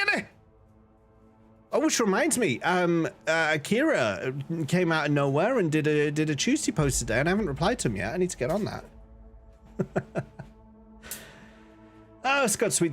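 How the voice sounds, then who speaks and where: A man from the north of England talks loosely to his stream chat, his pitch bouncing around a lot. He laughs easily and reacts to messages as they come in. Soft music plays quietly underneath. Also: sing-song, normal speed, pauses often. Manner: chatty, laughs often, reads chat aloud. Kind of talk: casual live-stream chat.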